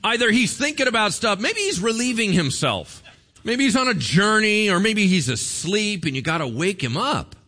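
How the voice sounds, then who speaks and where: Male preacher acting out a cocky, mocking prophet; bright and jeering. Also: high-pitched, big pitch swings, moderate pace, pitched above the performer's own voice, heavily acted. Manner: sarcastic, jeering. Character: mocking prophet taunting rivals, loud and cocky.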